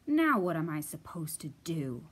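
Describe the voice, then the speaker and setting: A woman's voice: deep voice, extremely slow, pitched below the performer's own voice, exaggerated voice. A woman voicing a grumpy, lazy old male bear in a children's storybook reading, growling and grumbling.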